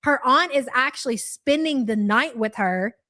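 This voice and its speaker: A woman's voice: high-pitched, expressive, moderate pace, pushed and bright. A young woman hosting a live reaction stream, talking bluntly and swearing freely. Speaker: livestream host.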